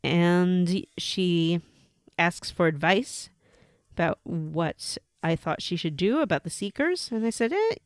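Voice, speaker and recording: A woman's voice: on the low side, slow, no echo, studio quality. A woman co-hosting a podcast, chatting casually as she retells what happened in a game. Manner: chatty, retells scenes with quoted voices. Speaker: podcast co-host.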